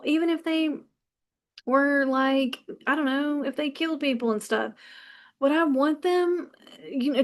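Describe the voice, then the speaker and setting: A woman in her fifties hosting a podcast, talking passionately and bluntly in a candid personal monologue, swearing freely and often restarting her sentences. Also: sits high. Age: 50s. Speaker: podcast host.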